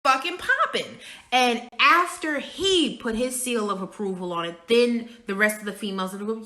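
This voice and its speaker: A woman's voice: a little high, moderate pace, bright, forceful tone, roomy sound. A woman giving a candid personal monologue, blunt and emphatic, swearing freely. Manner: blunt, frequent profanity, emphatic. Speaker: speaker sharing personal views.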